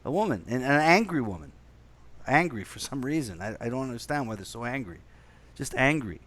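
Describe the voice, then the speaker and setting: A man's voice: medium pitch, expressive, fairly quick, a bit bright. A man from Canada in casual chat, rambling and swearing with many restarts.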